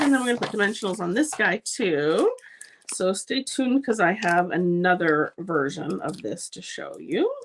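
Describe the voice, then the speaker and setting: A woman's voice: fairly low pitch, animated, normal speed, slight background noise. A woman hosting a live card-making demonstration, chatty and gushing, with frequent ums as she works. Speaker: card-making channel host.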